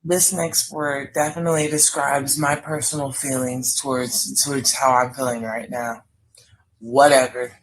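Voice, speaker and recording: A woman's voice: a bass voice, flat delivery, moderate pace, hardly any pauses, slight background noise, rough recording. A woman co-hosting a live chat show, running a word game in a dry, unimpressed way. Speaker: podcast co-host.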